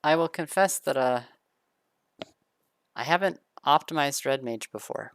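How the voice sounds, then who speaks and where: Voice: medium pitch, lively intonation, unhurried, clear, resonant tone, dry recording, studio quality. A streamer chatting casually with teammates while gaming, often asking questions and hesitating. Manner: asks lots of questions, hesitant.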